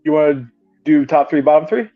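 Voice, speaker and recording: A man's voice: a little high, lively intonation, fairly quick, phone-quality sound, faint music behind. A man co-hosting a casual movie podcast, cracking crude jokes and telling funny family stories. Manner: joking storyteller, crude banter. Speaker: podcast co-host. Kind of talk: casual movie-review chat.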